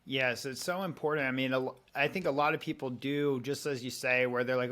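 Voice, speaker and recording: A man's voice: mid-range voice, steady tone, fairly quick, hardly any pauses, fairly bright tone. A man in his thirties on a podcast, earnestly explaining a parenting method and acting out little example conversations. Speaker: parenting coach guest.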